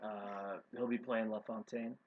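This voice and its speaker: A man's voice: fairly low pitch, level tone, unhurried. A man co-hosting a casual chat, talking in an easygoing, enthusiastic way. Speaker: co-owner of a role-playing stream. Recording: dull lo-fi stream audio.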